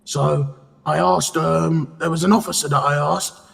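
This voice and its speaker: A man's voice: fairly high pitch, steady tone, unhurried, vocal fry, fairly bright tone, breathy edge, in a large hall, full character voice. A man playing a brash, chatty male police officer in a game role-play, speaking, rambling and tacking "mate" onto every phrase. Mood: defensive.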